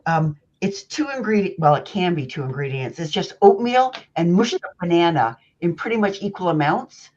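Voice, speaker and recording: A Canadian woman with a Canadian accent chatting on a group video call as a guest coach, rambling and self-deprecating, with halting restarts. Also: on the low side, expressive, a little mellow. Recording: muffled video-call audio.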